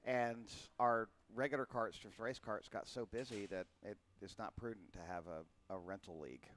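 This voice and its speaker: A man's voice: lowish voice, steady tone, moderate pace, fairly bright tone, slight background noise. Rambling, chatty male kart racer. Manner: rambling, chatty, with fillers and restarts. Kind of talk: casual interview chat.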